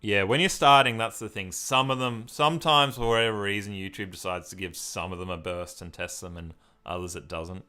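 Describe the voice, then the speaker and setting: A man's voice: lowish voice, fairly even intonation, brisk, sharp tone, clear, resonant tone. An Australian man from Victoria, chatting casually on a live stream as he reads and answers viewer comments.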